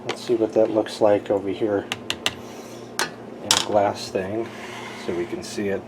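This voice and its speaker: A man's voice: lowish voice, little pitch movement, unhurried, very noisy. A man chatting casually in a rambling, self-mocking way while filming a home vlog in his kitchen. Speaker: video creator.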